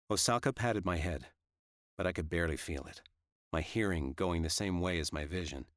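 A man narrating a first-person story in a steady, even way. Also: low voice, moderate pace, no room sound, clean studio sound. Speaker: audiobook narrator.

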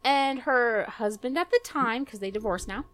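A young woman on a podcast mic telling a rowdy story with lots of swearing and loud outbursts. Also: a little high, normal speed, dry recording. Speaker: guest storyteller. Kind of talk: casual podcast chat. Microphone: close podcast mic.

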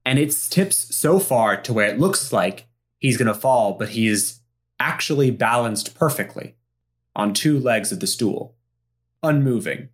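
A man's voice: medium pitch, lively intonation, a little slow, breathy edge. A man narrating a tabletop game as game master, in a playful, dramatic way.

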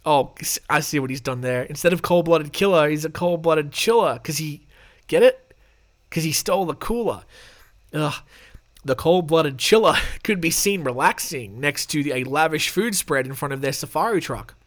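A man's voice: fairly high pitch, moderate pace. An Australian man hosting a podcast, reading news stories aloud with sarcastic, rambling asides and casual swearing. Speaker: podcast host.

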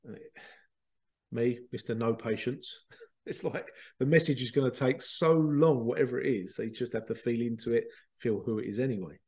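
A man, a spiritual medium hosting a show, telling stories in a chatty, animated way with laughter and the odd swear. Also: medium pitch, moderate pace. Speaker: spiritual medium and podcast host. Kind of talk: casual storytelling.

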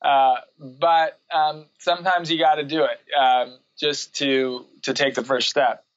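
A reflective man in his thirties talks through his thoughts as an interview guest, pausing on fillers and laughing lightly. His voice sits at an ordinary pitch. The recording is muffled and very dry, with no room sound. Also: steady tone, no room sound. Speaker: guest, writer and parent. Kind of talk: casual interview conversation.

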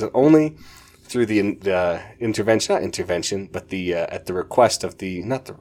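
Low-voiced man reviewing a book. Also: moderate pace. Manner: enthusiastic, rambling, self-correcting. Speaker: podcast host.

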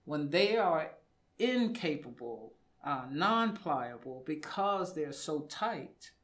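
A man's voice: on the high side, sing-song, takes it slowly, a bit bright. A man, a fitness coach and studio guest, explaining exercise in casual radio talk and repeating words for emphasis.

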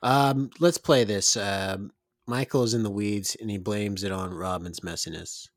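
A man with a very low voice chatting on a podcast, recorded dry and close with no room sound. He rambles through his stories and pokes fun at himself. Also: fairly even intonation, measured pace, no room sound. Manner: rambling storyteller, self-deprecating. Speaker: podcast co-host. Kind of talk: casual chat.

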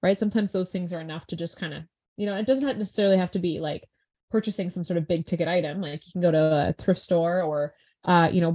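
Tired young woman, teacher co-host, lower voice, chatty and rambling. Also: warm tone. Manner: chatty, tired and yawning, many fillers like "right" and "you know". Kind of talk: casual podcast conversation.

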